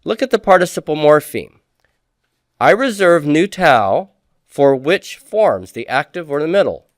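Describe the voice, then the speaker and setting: A man's voice: fairly high pitch, animated, a little slow, no room sound, clean studio sound. A man teaching a recorded lesson, asking his class questions and then answering them himself, and drilling word forms aloud. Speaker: Greek teacher. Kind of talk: recorded lecture.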